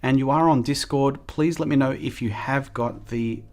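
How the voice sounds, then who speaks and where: A man's voice: medium pitch, normal speed, a little mellow. A man hosting a game livestream, chatting casually to viewers, reading out their names and apologizing for slips. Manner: chatty, apologetic, addresses chat viewers by name. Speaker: livestream host.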